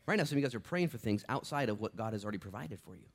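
A middle-aged pastor preaching a sermon, swinging from loud bursts to quiet, hushed asides. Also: male voice, fairly low pitch, lively intonation, rapid-fire.

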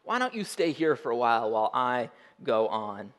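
A man's voice: mid-range voice, sing-song, normal speed, voice pushed down, natural voice. A man voicing a weary old male prophet in a casual, offhand paraphrase during a sermon. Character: weary old male prophet trying to leave his apprentice behind.

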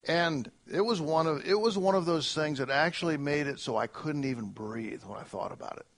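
A middle-aged male pastor preaching a sermon, earnest, moving between loud exclamations and quiet reflection. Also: on the high side, brisk, gravelly.

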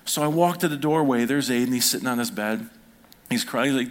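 A man in his thirties, a pastor preaching a sermon through personal stories, acting out the quoted voices with sudden jumps in pitch. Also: fairly even intonation, fairly quick. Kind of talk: storytelling sermon.

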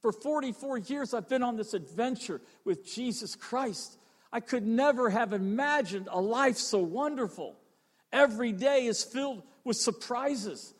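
Preacher, middle-aged man, high voice, fervent storyteller, big reverberant hall. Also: expressive, measured pace. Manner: fervent, storytelling, repeats phrases for emphasis. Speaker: fire chief and chaplain preaching. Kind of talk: sermon. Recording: long reverb of a large hall.

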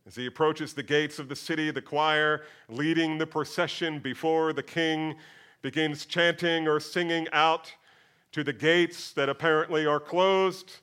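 A male pastor preaching a sermon, dropping to a hush and then booming out scripture, addressing his listeners as beloved. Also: fairly even intonation, measured pace, clean tone. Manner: swings from hushed to booming when reciting scripture.

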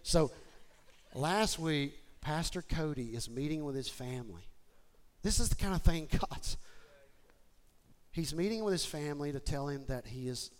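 High-voiced fervent man preaching. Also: moderate pace. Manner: builds from quiet talk to shouting fervor. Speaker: pastor. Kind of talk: sermon. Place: church sanctuary with congregation.

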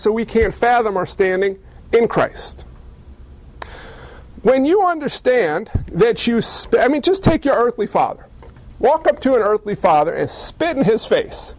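A man preaching a sermon in a folksy, animated, conversational way, often acting out the voices of the people in his stories. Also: very high voice.

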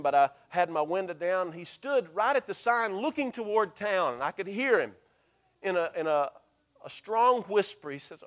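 Man, pastor, sermon storytelling, earnest, slightly high voice. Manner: earnest storytelling, quoting scripture in a hushed slow voice.

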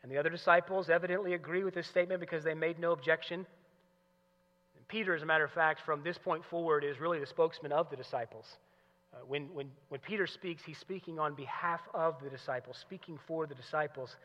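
A man preaching a sermon, moving between hushed teaching and loud, emphatic passages. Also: on the high side, steady tone, fast. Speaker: pastor. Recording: muffled recording in a large hall.

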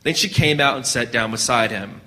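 A man reads a story aloud in a bright, forceful voice, measured and steady. Now and then he stumbles and restarts a word. A long hall reverb follows his reading. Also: medium pitch. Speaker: narrator.

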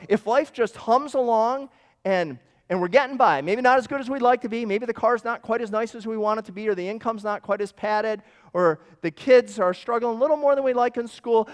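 Male preacher, high pitch, hushed-to-emphatic storytelling sermon, reverberant room. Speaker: pastor.

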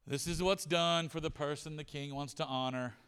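A man preaching a sermon in a church, retelling a story with animated voices for the characters. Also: on the high side, normal speed, clear, resonant tone. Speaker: pastor. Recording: reverberant church hall.

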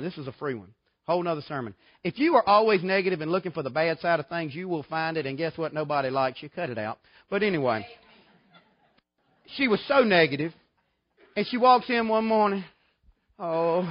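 A man's voice: on the high side, no room sound, dull audio. A man preaching a sermon, telling folksy stories with emphatic bursts. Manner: folksy, emphatic storytelling with sudden loud outbursts.

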